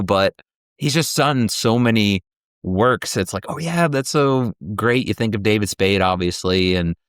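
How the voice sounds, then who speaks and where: Male co-host, low register, eager movie talk, dry recording. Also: no echo. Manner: enthusiastic, quotes lines in playful voices. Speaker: co-host of a movie review show. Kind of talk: casual movie review chat.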